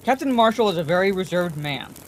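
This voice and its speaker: A woman voicing a cautious, reserved husband who speaks with a slow drawl, in a bedtime story reading. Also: fairly low pitch, expressive, a little hiss or hum, natural voice. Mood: meek.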